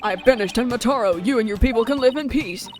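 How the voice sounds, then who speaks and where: Picture a booming heroic wrestler, a larger-than-life man who speaks in grand theatrical proclamations from a video game, as a woman puts him on. The delivery is broad and showy, with faint music playing underneath. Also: fast, close to an everyday voice. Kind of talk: voicing game dialogue while streaming.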